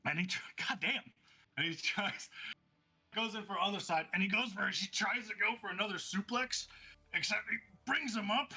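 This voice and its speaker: A man runs a tabletop game, narrating a brawl blow by blow with eager energy. His voice is slightly high, sharp and bright, with a husky grain. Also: moderate pace, faint music behind. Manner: excitable, laughing, vivid play-by-play. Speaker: game master.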